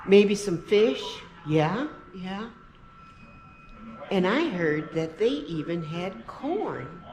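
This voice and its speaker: A woman's voice: medium pitch, poor audio. A woman museum educator giving a children's virtual tour, chatting animatedly with a puppet and young viewers. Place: outside and inside a museum.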